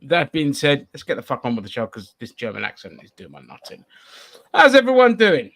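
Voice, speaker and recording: A man hosting a casual podcast chat, brash and sweary, swinging between loud bursts and mumbles. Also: medium pitch, very animated, fast talker. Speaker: podcast host.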